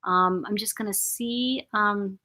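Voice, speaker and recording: Woman, casual live-stream host, effusive, with many restarts, mid-pitched voice. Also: slow pace, pushed and bright. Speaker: host of a live chat channel. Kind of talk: casual live-stream chat reading viewer comments.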